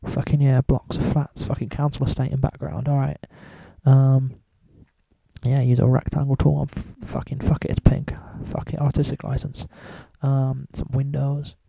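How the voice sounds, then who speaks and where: A man's voice: medium pitch, completely flat delivery, moderate pace, gravelly, warm tone, breathy edge, dry recording. A man talking casually through a drawing tutorial, rambling and swearing in almost every sentence. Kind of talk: casual screen-recorded tutorial.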